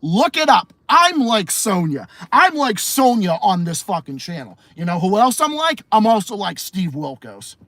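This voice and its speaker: A man's voice: high voice, sing-song, moderate pace, hardly any pauses, fairly bright tone, no echo. A man hosting a late-night livestream podcast, ranting casually, swearing a lot, repeating himself and laughing often. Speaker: podcast host and streamer.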